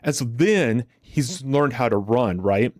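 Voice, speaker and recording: A man talks casually on a live stream in a mid-range voice, recorded close and dry. He is chatty and animated, and he often repeats words and restarts his sentences as he goes. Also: medium pitch, slow, no echo. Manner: animated storyteller. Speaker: trading live-stream host.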